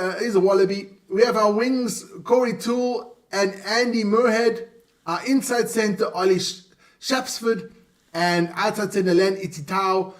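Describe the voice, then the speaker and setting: A man's voice: high voice, distant mic. Chatty man hosting a solo live stream. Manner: chatty, stumbles over player names. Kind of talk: casual live-stream chat.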